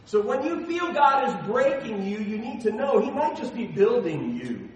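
A middle-aged man preaching a sermon as the pastor, telling personal stories with animated, self-deprecating humor. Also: extremely high pitch, normal speed, very echoey, recorded from a distance, poor audio.

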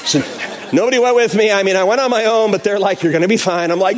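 A pastor telling a personal story in a sermon, acting out the quotes in an animated way. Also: male voice, high-pitched, fast talker.

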